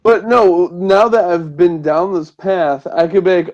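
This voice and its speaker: A young man co-hosting a casual podcast, telling rambling stories with halting restarts, over faint noise. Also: sits high, a little mellow, dull audio. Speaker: podcast co-host.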